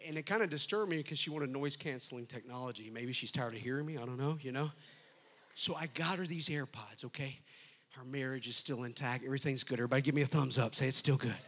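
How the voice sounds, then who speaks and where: A man preaching at a youth camp, moving between fiery shouted calls to the crowd and relaxed, joking stories. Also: mid-range voice, fast talker. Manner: relaxed storytelling with jokes. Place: youth camp meeting room.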